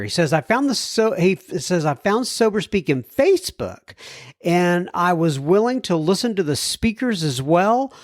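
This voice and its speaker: An American podcast host with a high voice reads listener letters aloud, adding chatty asides and stumbling over hard words. The recording is dry with clean studio sound.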